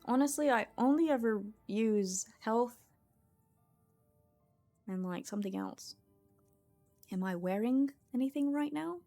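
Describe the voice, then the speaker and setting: A woman's voice: on the high side, expressive, dark tone. Chatty woman streamer thinking aloud. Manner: thinks aloud to herself, chatty, quick laughs. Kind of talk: casual gameplay commentary. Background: faint music.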